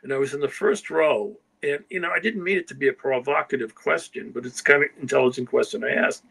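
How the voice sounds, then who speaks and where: A man's voice: medium pitch, fast talker, creaky, fairly bright tone, husky, low-quality recording. An older man, a guest writer, telling anecdotes in a rambling conversational way, often checking in with "you know" and "okay?". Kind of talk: casual anecdotal storytelling.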